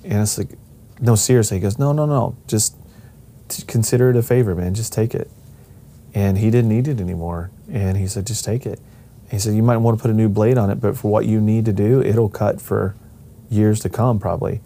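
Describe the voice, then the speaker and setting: A man's voice: fairly low pitch, warm tone, a little hiss or hum. A middle-aged man telling a personal family story in a casual way, rambling with restarts and acting out the voices of the people he quotes.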